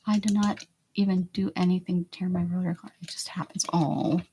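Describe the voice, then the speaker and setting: A woman's voice: fairly low pitch, steady tone, a little fast, background noise. A woman with a northern US accent hosting a craft livestream, chatting casually while she paints, muttering and whispering asides to herself and answering viewer chat.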